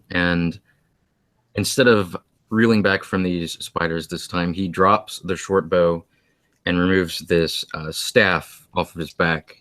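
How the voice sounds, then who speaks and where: A man playing a tabletop game, narrating his character's actions in a deliberate way. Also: deep voice, a bit bright, no room sound. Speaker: player.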